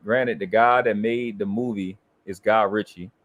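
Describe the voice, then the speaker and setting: A man with a somewhat low voice holds forth in a casual live stream. He talks brashly and emphatically, stacking up profanity as he brags. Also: fairly even intonation, a little slow, no echo, dull audio. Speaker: co-host.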